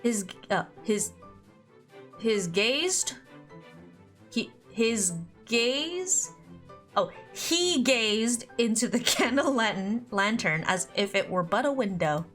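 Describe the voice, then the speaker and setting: A woman's voice: a little high, animated, slow pace, fairly bright tone, faint music behind. A woman streaming a visual novel, reading it aloud with giggly, chatty commentary. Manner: giggly, laughs often, chatty asides. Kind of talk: casual let's-play commentary and reading aloud.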